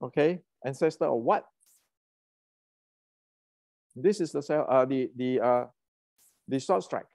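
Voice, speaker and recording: A man's voice: medium pitch, moderate pace, gravelly, a little mellow, dry recording. Heated man. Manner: heated, ranting, many restarts and fillers. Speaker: martial arts channel host. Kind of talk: casual lecture.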